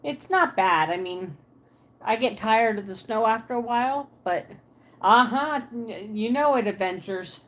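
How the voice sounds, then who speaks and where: She has a fairly high voice with lively intonation, yet keeps a measured pace. Chatting on a livestream from her apartment, this Pennsylvania woman, whose accent is Pennsylvania Dutch with a Southern twang, answers viewers' comments out loud.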